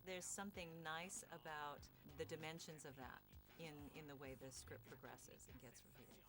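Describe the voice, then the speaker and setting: Deep-voiced woman actor over music. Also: fairly even intonation, normal speed. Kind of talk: interview about a role. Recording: interview with music bed.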